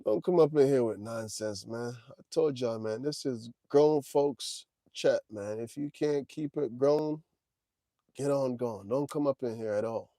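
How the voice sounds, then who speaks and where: Laid-back and talking straight to his chat, this forties-aged trucking streamer drawls words like "man" and "y'all." He speaks a little slowly at a medium pitch with a mellow sound, and there's no room sound in the recording.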